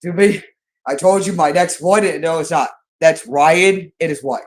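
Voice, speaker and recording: A woman's voice: low voice, normal speed. A woman hosting her own channel, ranting unscripted to camera in an agitated, repetitive way with heavy swearing. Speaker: channel host.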